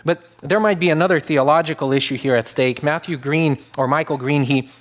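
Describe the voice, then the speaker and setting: Earnest preaching man, rising to loud peaks. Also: a little high, brisk. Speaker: pastor. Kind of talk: sermon.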